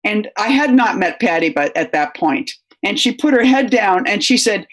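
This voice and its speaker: A woman's voice: medium pitch, expressive, normal speed, fairly bright tone. An older American woman, a guest writer, answering interview questions in a rambling, anecdotal way with many fillers.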